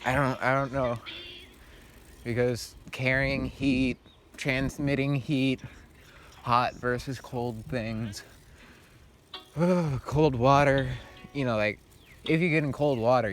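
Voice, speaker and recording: A man's voice: mid-range voice, a bit bright, slight background noise. A man vlogging outdoors as he walks uphill before dawn. He rambles through a casual monologue, swearing and filling his talk with ums and likes. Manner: meandering, swears a lot, full of fillers. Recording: music playing under the voice.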